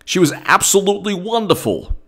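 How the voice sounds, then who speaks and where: A man putting on a high, fawning voice to mock an older male politician. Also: very animated, a little fast, a bit bright, exaggerated voice. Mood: gushing.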